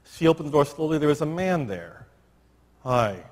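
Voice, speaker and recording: Animated male keynote storyteller. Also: on the high side, fast. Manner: animated storyteller who acts out the dialogue. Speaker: keynote speaker. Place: large assembly hall. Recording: long hall reverb.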